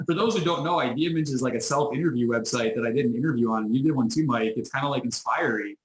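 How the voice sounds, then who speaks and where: A man from the United States, a business owner, is the guest in a relaxed storytelling interview recorded with roomy video-call echo. His voice is medium in pitch, and he narrates quickly and animatedly, acting out quotes and frequently restarting.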